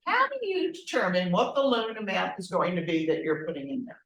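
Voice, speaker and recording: A woman's voice: on the low side, huge pitch swings, a little fast. A woman leading a real estate training class, speaking directly and with animation, often asking rhetorical questions. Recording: echoey room, voice from far off.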